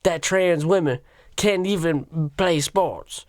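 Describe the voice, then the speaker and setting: Exaggerated sassy talk-show lady, shrill and indignant, a man hamming it up; dry close sound. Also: slow pace, no room sound.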